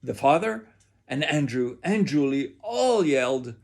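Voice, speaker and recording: A man reading a children's storybook aloud with expressive, drawn-out delivery. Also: fairly high pitch.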